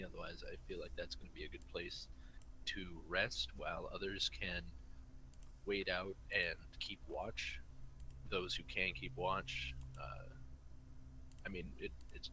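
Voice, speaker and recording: A man playing a tabletop game, speaking slowly and hesitantly. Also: low voice, sharp tone, slight background noise, low-quality recording. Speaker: player. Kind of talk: casual tabletop play.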